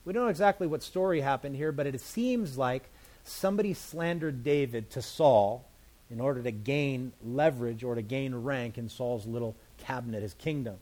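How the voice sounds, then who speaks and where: A man's voice: medium pitch, moderate pace, a little mellow. A man, a pastor, teaching through scripture verse by verse in a conversational sermon, explaining it in plain everyday words.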